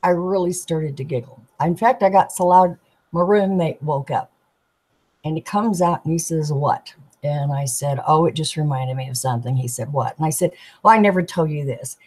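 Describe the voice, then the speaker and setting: A woman, a tarot deck artist, chatting as a guest and telling animated stories, acting out the people she quotes. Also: low voice, moderate pace, slightly rough, rough recording. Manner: animated storyteller, giggly, acts out quoted voices. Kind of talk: casual storytelling chat.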